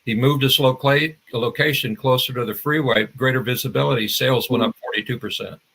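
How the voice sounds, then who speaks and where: A man's voice: medium pitch, fairly even intonation, fairly quick, creaky, a bit bright, breathy edge. An older man, a marketing expert guest, explaining in a conversational interview with restarts and examples.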